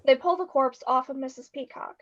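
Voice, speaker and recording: A woman narrator reading stage directions in a brisk, wry way. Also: high-pitched, highs cut off.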